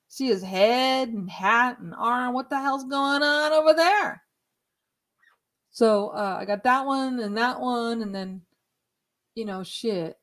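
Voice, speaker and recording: Woman vlogger, high and lively voice, unhurried, profane, easily amused. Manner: profane, laughing, excitable storytelling; hushed whispering in the dark. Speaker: vlogger on a night ghost hunt. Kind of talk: casual vlog narration.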